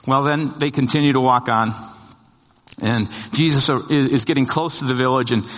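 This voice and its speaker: A pastor preaches in a conversational, storytelling way, with restarts, voicing the disciples' lines and rising in pitch and volume to emphatic peaks. His tone is steady and fairly bright at a moderate pace, and the recording carries long hall reverb.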